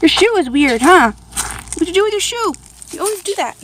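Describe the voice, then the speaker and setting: A young mother chats her way through a casual home vlog in a high voice, rambling with fillers and laughing as she talks to her little ones. She films herself one-handed on a handheld camera outdoors at home. A faint hiss of background noise sits under her voice. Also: very animated, normal speed, a bit bright. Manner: chatty, rambling with many fillers, laughs often, coos at her children. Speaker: vlogger and mother. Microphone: handheld camera, filming one-handed.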